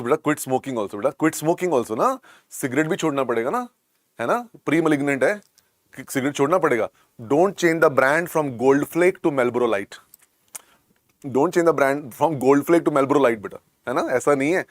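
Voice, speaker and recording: A man's voice: a little high, no echo, studio quality. A man with an Indian English accent giving a medical coaching lecture, repeating key points and switching between Hindi and English.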